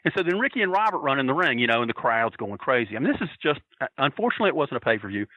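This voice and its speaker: A man, a podcast guest, telling a story in an excitable, profane way and acting out what people said. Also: mid-range voice, racing, no room sound, narrow, tinny audio. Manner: profane, excitable, acts out quotes. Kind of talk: animated storytelling.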